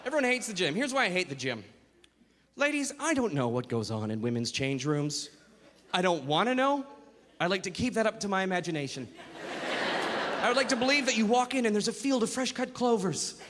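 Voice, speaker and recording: Male stand-up comic, high and animated, shouting punchlines, live hall reverb. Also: fairly quick. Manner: animated, shifts into silly voices, shouts punchlines. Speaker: stand-up comedian. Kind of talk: stand-up comedy set. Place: comedy club stage with a live audience. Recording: hall reverb, audience noise.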